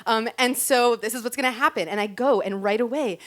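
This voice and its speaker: A woman's voice: on the high side, fairly quick. A woman telling a personal story on a club stage into a stage microphone, chatty and self-deprecating, with frequent ums and likes. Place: stage of a small club before a live audience.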